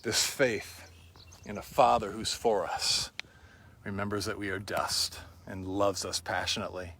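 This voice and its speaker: A man delivering a sermon in a rather low voice. He speaks very slowly, in a reflective and quietly earnest way that leaves room between his words. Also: fairly even intonation, a little hiss or hum. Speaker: preacher.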